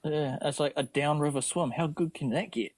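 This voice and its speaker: A man's voice: on the high side, moderate pace, a little mellow, no echo, poor audio. A man with a New Zealand accent, chatting easily as a guest about racing and travel. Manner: easygoing, chatty, laughs often. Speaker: podcast guest, triathlete. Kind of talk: casual interview chat.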